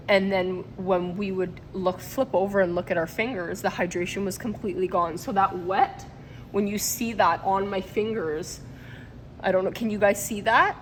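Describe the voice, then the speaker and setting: A vlogger who also makes products talks to the camera in a casual vlog, rambling and emotional and often laughing. Her voice is mid-range, with a little hiss or hum in the audio.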